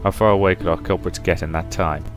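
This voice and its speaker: A young man reads a space drama game aloud, taking on each character's lines in turn. His voice sits low, and it jumps up in pitch and loudness for some of the characters. Faint music plays underneath. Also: steady tone, fast talker. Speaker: game let's-player. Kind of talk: reading a visual novel aloud, voicing characters.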